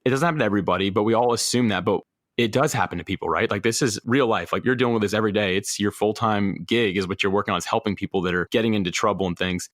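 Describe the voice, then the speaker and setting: A man hosting a podcast interview, asking questions and telling an animated personal story, acting out the people he quotes. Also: on the low side, very fast, no echo, clean studio sound. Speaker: podcast host.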